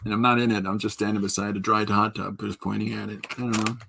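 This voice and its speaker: A man's voice: on the low side, little pitch movement, fast, creaky, noisy background. Rambling, jokey man hosting a stream. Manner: rambling, jokey, reads out and answers chat comments. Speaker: podcast host. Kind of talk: casual livestream chat while drawing.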